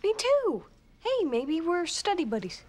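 A woman's voice: extremely high pitch, sing-song, measured pace, a little mellow, heavily acted. An actress playing a bubbly, playful young woman in a TV drama.

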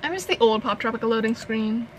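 Sarcastic young woman gamer, higher voice. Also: quick pace, a little hiss or hum, rough recording. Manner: chatty, sarcastic, swears and laughs a lot. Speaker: gaming channel host. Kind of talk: casual gameplay commentary.

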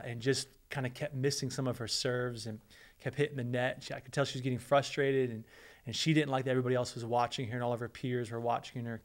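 A middle-aged man, a pastor, preaching with earnest emotion and leading a prayer. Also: medium pitch. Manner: earnest, emotional, repeats words. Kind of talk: sermon with prayer.

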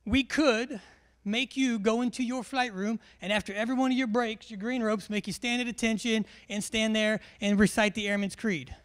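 A military education instructor gives a humorous briefing to a large class, his voice unusually high for a man. Animated and joking, he teases the crowd and quizzes them with lively energy.

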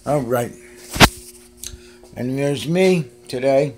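A man's voice: mid-range voice, measured pace, gravelly, husky. A man at home filming on his phone, talking fondly to his cats in a casual way. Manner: talks to his cats in a fond, cooing way. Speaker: cat owner filming his pets. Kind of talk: casual home video chat. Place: at home indoors. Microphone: phone camera.

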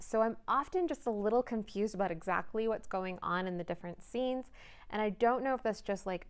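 Young woman book vlogger, casual and chatty, hedges often; smooth, clear tone at a mid pitch. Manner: chatty, thinking aloud with frequent hedges. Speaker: book reviewer. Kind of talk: casual vlog chat.

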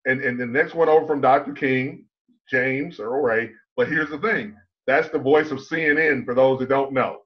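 A man with a medium-pitched voice gives an online conference talk coaching people on public speaking, and the audio sounds dull. He is emphatic, leans on rhetorical questions, and slows down when hitting his key points.

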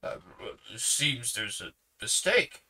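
A storybook reader voicing a gruff, rude middle-aged policeman who speaks sarcastically. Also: mid-range voice, very animated, slow, sharp tone, full character voice. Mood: sarcastic. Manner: sarcastic, mumbling.

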